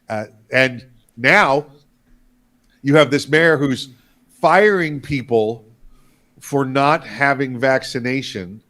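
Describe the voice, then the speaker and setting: A man's voice: mid-range voice, a bit bright. A man hosting a casual political talk show, chatty and full of fillers and restarts, speaking from Florida. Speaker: podcast host.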